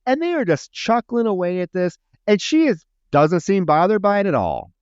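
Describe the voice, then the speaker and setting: A man's voice: high voice, big pitch swings, moderate pace, darkish tone, smooth, no echo, dull audio. A man co-hosting a podcast, casually retelling a film scene by scene, acting out lines and swearing freely. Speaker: podcast co-host. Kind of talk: casual movie review chat.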